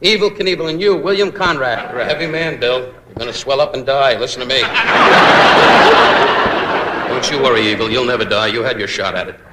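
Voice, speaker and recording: A man's voice: mid-range voice, fairly quick. An older man doing an insult comedy roast set, brash and mocking, punching up his jokes. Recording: echoey hall with loud noise. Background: laughing audience.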